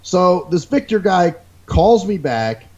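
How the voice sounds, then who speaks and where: Male podcast host, slightly high voice, animated profane storyteller, muffled lo-fi recording. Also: takes it slowly. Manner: animated storytelling, mimics people he quotes. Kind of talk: casual profane rant.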